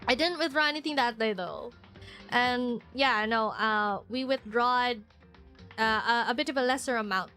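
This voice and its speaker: A woman's voice: on the high side, moderate pace, sharp tone, clean tone, faint music behind. A woman streamer in casual live-stream chat, rambling and chatty with lots of fillers and frequent laughs.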